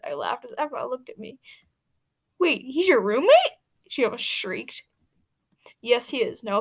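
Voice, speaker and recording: A woman's voice: fairly high pitch, fairly bright tone. Stumbling young-sounding woman reading fanfic. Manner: stumbling, restarting, laughing asides. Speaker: fanfic reader. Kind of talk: reading fan fiction aloud with asides.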